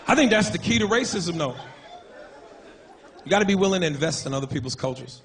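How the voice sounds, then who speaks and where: A man's voice: high-pitched, lively intonation, brisk, some chatter behind. A man performing a stand-up comedy set in a club, with a profane, punchy, swaggering delivery. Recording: noisy live club recording.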